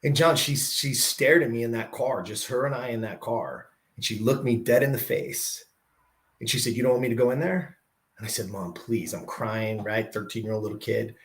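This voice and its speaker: A man's voice: medium pitch, brisk. A middle-aged man hosts a podcast with a mid-range voice. He tells stories in a conversational way, slipping into the voices of the people he quotes. He keeps checking in with his listener by asking "right?". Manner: animated, acts out quoted dialogue, says "right?" often. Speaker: podcast host. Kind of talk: conversational storytelling.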